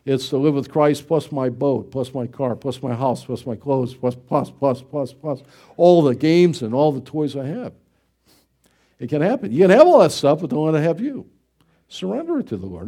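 A man's voice: fairly high pitch, sing-song, normal speed, mellow, slightly rough. A middle-aged man from the United States, preaching in a folksy, conversational way with many rhetorical questions. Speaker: pastor. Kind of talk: sermon.

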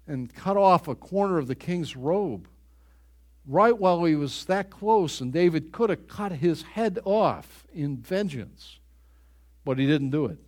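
Earnest preacher, man, lively pitch. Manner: earnest, rises in pitch and volume on emphatic scripture lines. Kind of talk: sermon with scripture reading.

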